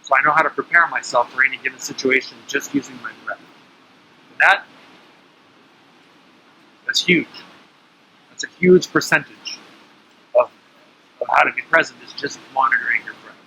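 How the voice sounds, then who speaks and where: A man's voice: mid-range voice, normal speed, vocal fry, long pauses, sharp tone, breathy edge, low-quality recording. A man teaching breathing awareness to a small group in a casual, coaching way, often checking in with his listeners. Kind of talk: casual instructional talk.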